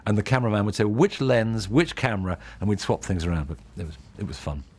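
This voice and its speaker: A man's voice: fairly low pitch, fast, darkish tone, slightly rough. A man, a film director, explaining his choices eagerly and fluently in a behind-the-scenes interview, with some fillers.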